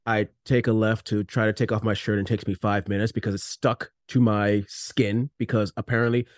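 A man's voice: lowish voice, little pitch movement, fairly quick, dry recording, clean studio sound. Man narrating his game character. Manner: rambling, first-person storytelling. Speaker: player.

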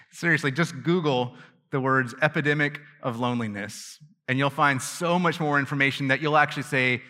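A man's voice: medium pitch, normal speed, sharp tone. A man preaching a sermon as a pastor, talking to his congregation in a loose conversational way, joking at his own expense and often restarting a phrase. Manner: conversational, self-deprecating, frequent restarts and laughs. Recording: long reverb of a large hall.

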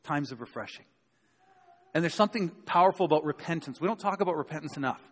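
Higher-voiced male pastor in a reverberant hall. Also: animated, fast, fairly bright tone, breathy edge. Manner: conversational, emphatic preaching with rhetorical questions to the congregation. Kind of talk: sermon. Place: church sanctuary before a live congregation.

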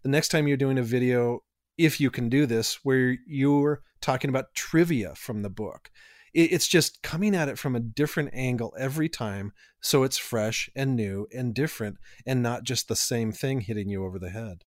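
A man co-hosting a casual podcast, explaining ideas in an energetic, teacherly way and building long lists of examples. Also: medium pitch, normal speed, dry recording, studio quality. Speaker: podcast co-host.

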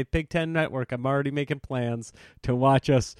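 A man who performs comedy for a living, talking in an animated, self-mocking, rambling monologue. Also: mid-range voice, moderate pace, smooth, no echo, studio quality. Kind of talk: casual talking-head monologue.

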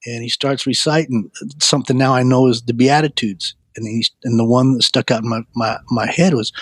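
Man, mid-range voice, earnest storyteller, halting repeats, dry booth-like sound. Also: medium pitch, fairly bright tone, husky, dry recording. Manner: earnest, frequent stammered repeats. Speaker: guest sharing his life story. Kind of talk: personal testimony storytelling.

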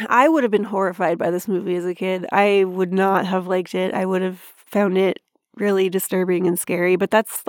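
A woman's voice: mid-range voice, dry recording, clean studio sound. A woman co-hosting a podcast, talking about a movie in a chatty, frank way with casual swearing. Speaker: podcast co-host. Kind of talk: casual movie review chat.

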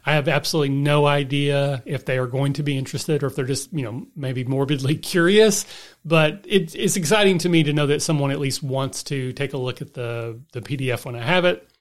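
A man co-hosting a gaming podcast, giving updates in a measured, conversational way. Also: mid-range voice. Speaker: podcast co-host. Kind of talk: casual podcast chat.

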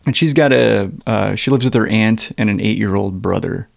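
A man's voice: on the low side, moderate pace, vocal fry, no room sound, studio quality. A man co-hosting a podcast, laid-back and chiming in with casual, profane asides about a movie. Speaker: podcast co-host. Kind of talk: casual movie-recap chat.

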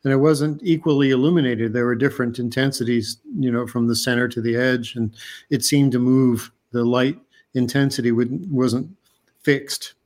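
A man's voice: mid-range voice, steady tone, normal speed, a little mellow. Earnest man telling a story. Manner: earnest storyteller, many restarts and fillers. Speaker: guest, underwater diver and cameraman. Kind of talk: casual interview talk.

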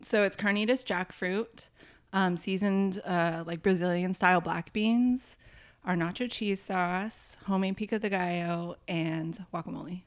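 A woman, a vegan chef guesting on a podcast, talking in a relaxed, matter-of-fact way. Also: fairly low pitch, a little slow. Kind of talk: casual podcast conversation.

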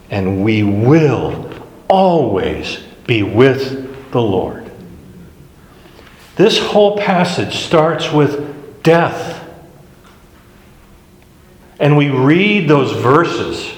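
A man teaching a Bible study class in a slow, conversational, self-deprecating way. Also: medium pitch. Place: classroom or church meeting room. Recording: echoey room recording, faint hiss.

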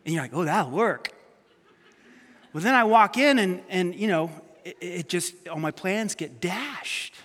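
A man preaching a sermon, telling personal stories with lively swings between quiet asides and loud emphatic bursts. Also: high voice, normal speed, hardly any pauses. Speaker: pastor. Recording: long hall reverb.

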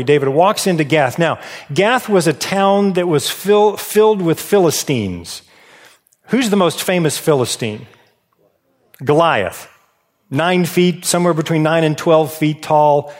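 Male pastor, sermon delivery, questions the room, long hall reverb. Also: on the high side. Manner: storytelling preacher, rhetorical questions, prompting the congregation.

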